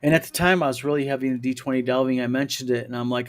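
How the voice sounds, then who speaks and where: A man's voice: medium pitch, fairly even intonation, rapid-fire. Rambling man reading viewer mail. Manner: rambling, many fillers, chuckles while telling stories. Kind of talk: casual panel chat.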